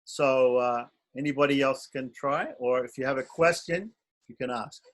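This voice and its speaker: A man's voice: medium pitch, moderate pace. A man teaching Sanskrit consonants in an online class, patiently repeating each sound and explaining it step by step. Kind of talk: slow, patient online lesson.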